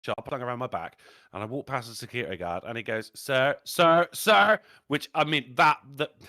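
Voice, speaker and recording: This is a fast-talking man with a medium-pitched voice, heard in a dry, studio-quality recording. He's a British podcast co-host, an animated and foul-mouthed teller of mischievous anecdotes in relaxed conversation.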